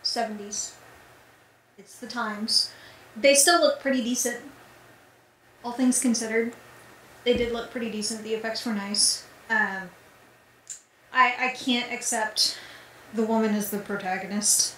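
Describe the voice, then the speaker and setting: Woman podcast co-host, emphatic and opinionated, bright tone, roomy distant sound with faint noise. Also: fairly high pitch, fairly even intonation, a little slow, long pauses. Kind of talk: casual movie-review chat. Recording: echoey room, far from mic.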